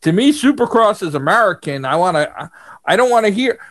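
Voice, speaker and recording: A man's voice: sits high, sing-song, a little fast, fairly bright tone. A man co-hosting a casual racing podcast, joking and teasing, often restarting his sentences. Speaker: co-host.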